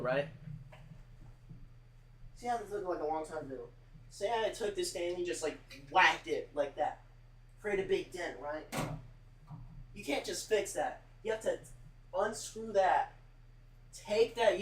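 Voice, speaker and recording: A man's voice: high voice, rough recording. A man talking casually to his livestream chat, rambling with lots of "like" and repeated words, earnest and close to tears at times. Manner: rambling, heavy use of "like", repeats himself.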